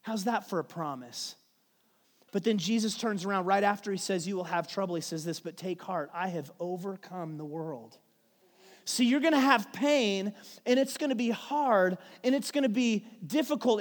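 A high-pitched male pastor preaches in a big church, and his voice rings with long reverb through the hall. He drops to near-whispers for the serious points, then bursts out loud and playful as he leads the crowd in call-and-response. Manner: swings from hushed and slow to loud and playful, calls the congregation to repeat lines. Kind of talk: sermon.

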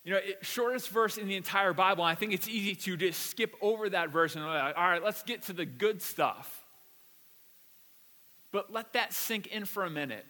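Bright, high-voiced man preaching in a reverberant hall. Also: normal speed. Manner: casual, animated storytelling with repeated words. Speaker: pastor. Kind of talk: conversational sermon with personal story.

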